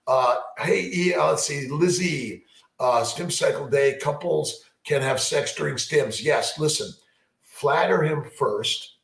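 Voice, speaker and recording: Gravelly, rambling upbeat male doctor. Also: mid-range voice, fairly bright tone, reverberant, poor audio. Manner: upbeat, repetitive, motivational, many fillers and restarts. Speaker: fertility doctor hosting a live Q&A. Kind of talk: rambling live-stream chat answering viewer questions.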